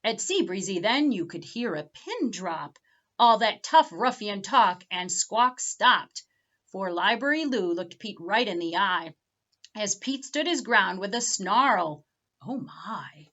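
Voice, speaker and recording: A woman librarian reading a picture book aloud for children at home, with animated, expressive storytelling. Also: mid-range voice, slow pace, muffled recording.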